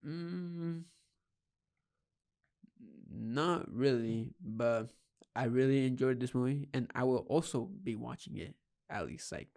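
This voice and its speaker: A man's voice: medium pitch, takes it slowly, creaky, pauses often, a little mellow, no room sound, clean studio sound. A young adult man, a guest on a podcast, chatting casually in short, easygoing replies. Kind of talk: casual chat.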